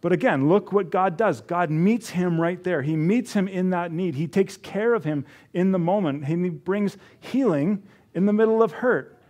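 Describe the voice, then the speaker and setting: Male pastor, sermon delivery, earnest, a bit high-pitched, dynamic swings from emphatic to near-whisper. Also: normal speed. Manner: earnest, swings from rising emphasis to hushed quiet.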